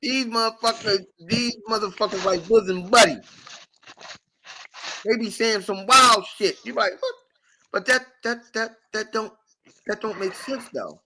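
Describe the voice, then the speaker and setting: Man, podcast host, high voice, bright and forceful, animated profane rant. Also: unhurried, slight background noise. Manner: profane, animated, repetitive ranting. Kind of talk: casual ranting chat.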